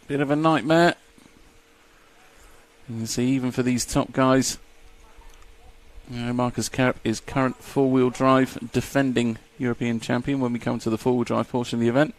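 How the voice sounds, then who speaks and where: A man's voice: medium pitch, flat delivery, normal speed. A man commentating a live model car race, chatty and jokey, reading out lap times.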